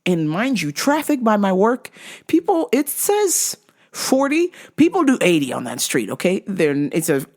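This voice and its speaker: A woman hosting a podcast, telling a story in a casual, animated, profane way with loud laughs. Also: medium pitch, a little slow. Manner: animated, profane, laughs loudly, squeals in impressions. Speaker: podcast host.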